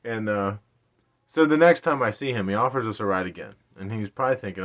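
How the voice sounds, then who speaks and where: A man's voice: lowish voice, fast talker, fairly bright tone, muffled recording. A man in his late thirties casually telling an embarrassing story, rambling, self-deprecating and laughing often. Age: 30s. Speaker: vlogger.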